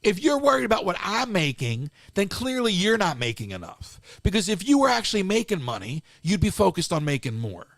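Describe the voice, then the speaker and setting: A man's voice: high-pitched, sing-song, a little fast, few pauses, fairly bright tone, no room sound, studio quality. A man hosting a live stream, ranting casually in an exasperated way and restarting his sentences often.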